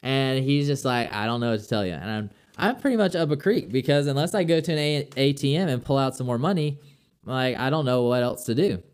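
A man's voice: mid-range voice, lively intonation, fairly quick. A young man casually telling a personal travel story, chatty and loose, full of "like" and "I'm like".

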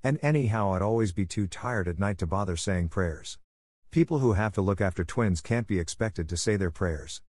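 A talkative, imaginative orphan girl chatters eagerly, as a man reads her part. The reading lifts only a little in pitch and stays close and dry. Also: moderate pace, a little mellow, no echo.

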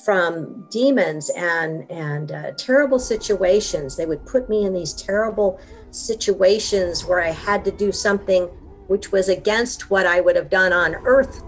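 A woman's voice: lowish voice, a little slow, soft background music. A middle-aged woman telling her own story as an interview guest, with earnest, vivid storytelling.

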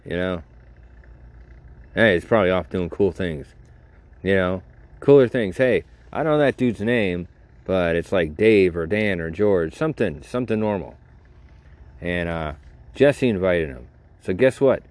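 Deep-voiced rambling podcast guy. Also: lively intonation, unhurried, long pauses, darkish tone, dry recording. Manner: rambling, self-deprecating, jokey. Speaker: podcast host. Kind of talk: casual solo podcast monologue.

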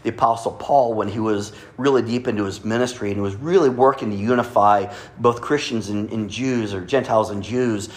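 A man preaching a sermon in a church, talking conversationally, asking rhetorical questions and slowing down for scripture readings. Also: on the low side.

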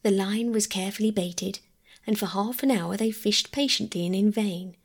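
A woman narrating a classic children's novel as a gentle bedtime audiobook reading. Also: medium pitch, normal speed. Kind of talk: scripted bedtime story narration.

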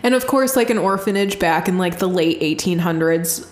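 A woman's voice: lowish voice, moderate pace, roomy sound. A woman co-hosting a podcast, telling a story in casual chat, chatty and giggly with lots of fillers. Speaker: podcast co-host.

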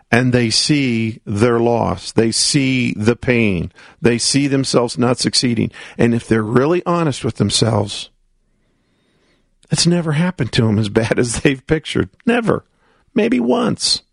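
Man, gravelly voice, motivational radio host, emphatic, rhetorical questions, dry close mic. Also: medium pitch, lively intonation, a little slow, dry recording. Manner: emphatic, rhetorical questions, acts out clients' doubts. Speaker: radio show host and life coach.

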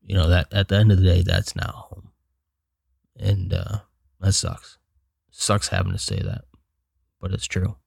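A man with a very low, gravelly voice rambles frankly through a solo podcast monologue. He sounds frustrated and low, and swears now and then. The recording is dry and close, with no room sound. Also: big pitch swings, measured pace, pauses often, a little mellow, dry recording. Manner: frank, rambling venting with profanity. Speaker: podcast host.

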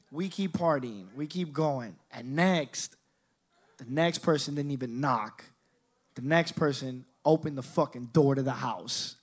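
A man in his twenties doing stand-up, telling a profane, animated story and talking straight to the crowd. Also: fairly high pitch, normal speed. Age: 20s. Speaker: stand-up comedian.

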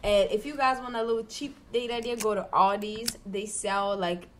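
A woman co-hosting a casual podcast chat, talking in a chatty, animated way. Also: mid-range voice, normal speed, slight background noise. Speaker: podcast co-host.

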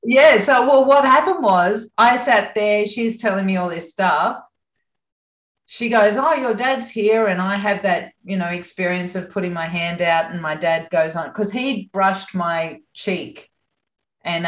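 A woman's voice: fairly low pitch, unhurried. Chatty woman, echoey room. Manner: chatty, animated, laughs often. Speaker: interview guest. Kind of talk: casual storytelling.

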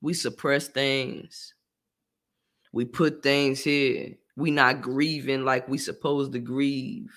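A young man talking earnestly and casually to his viewers on a live stream, repeating phrases, using slang and building up to shouted hype. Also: medium pitch, little pitch movement, slow, few pauses. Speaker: motivational vlogger.

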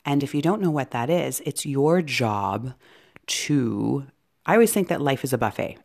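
A woman hosting an inspirational podcast, talking in an encouraging way and often dropping into soft, whispery asides. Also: extremely low pitch. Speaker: podcast host and psychic medium.

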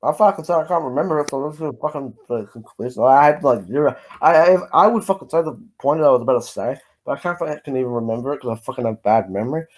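A man's voice: medium pitch, quick pace, hardly any pauses, a little mellow. An Australian man in a casual online voice-chat debate who rambles and swears in nearly every sentence.

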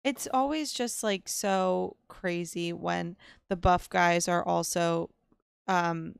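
Woman, gravelly fry, smooth clear tone, dry close sound, casual chat. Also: fairly low pitch, fairly even intonation, no room sound. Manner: chatty, laughs often, quick reactions. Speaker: podcast co-host.

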